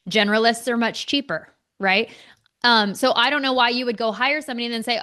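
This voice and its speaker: Woman podcast co-host, a little high-pitched, frank and unfiltered, casual swearing. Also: a little fast. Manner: candid, swears freely, animated when telling stories. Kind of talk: casual business podcast talk.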